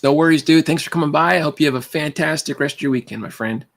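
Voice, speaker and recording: On a casual livestream, a Californian host with a higher voice talks fast. He rambles from one idea to another, laughs often, and refers to his viewers as "man" and "dude."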